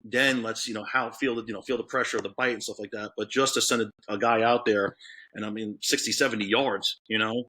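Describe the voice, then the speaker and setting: A man's voice: on the low side, fairly even intonation, a little fast, pushed and bright, husky. A man in his thirties from Florida, a guest telling his story in casual chat, rambling with many fillers. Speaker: podcast guest, K9 handler.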